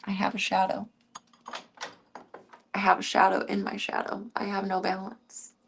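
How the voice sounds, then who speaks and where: A woman live-streaming from her home in a loose, chatty way. She keeps up a running conversation with her viewers and drops into a soft, cooing voice for her cats. Her voice sits at an ordinary pitch for a woman. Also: monotone, normal speed, creaky, slightly rough. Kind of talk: casual live-stream chat.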